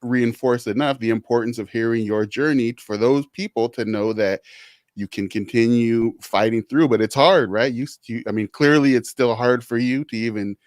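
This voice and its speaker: A man's voice: medium pitch, darkish tone, no echo. Reflective man hosting a podcast, dry sound. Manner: reflective, supportive, quick laughs. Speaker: podcast host. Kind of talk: podcast interview.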